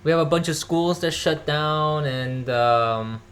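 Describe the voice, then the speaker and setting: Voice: mid-range voice, slow pace. A podcast host delivering a solo political commentary monologue, ranting and scoffing, now and then coughing. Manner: ranting, scoffing, mimics others mockingly. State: occasional coughing. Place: at home, moving about tidying.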